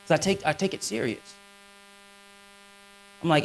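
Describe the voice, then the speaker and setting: A man's voice: a little slow, vocal fry, pauses often, rough recording. A man talking on stage before an audience, preaching on scripture with a preacherly emphasis. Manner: lively, swinging pitch, preacherly emphasis.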